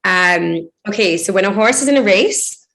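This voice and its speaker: A woman's voice: medium pitch, lively intonation, moderate pace, a bit bright. Chatty British woman, radio host. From United Kingdom. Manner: chatty anecdotal storytelling. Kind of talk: casual interview chat.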